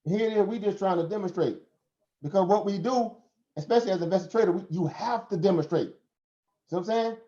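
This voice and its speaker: A man's voice: high voice, quick pace, warm tone. Southern American man preaching on a live stream. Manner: preachy, rhetorical questions, laughs often. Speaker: host. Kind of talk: casual live stream talk. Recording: roomy, dull lo-fi stream audio.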